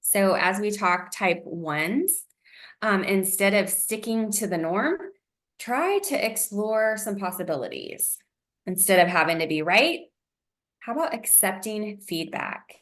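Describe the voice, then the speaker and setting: A woman presenting a wellness lesson in a gentle, encouraging way, with frequent "um"s. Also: mid-range voice, expressive, a little slow. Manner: gentle, encouraging, uses fillers like um.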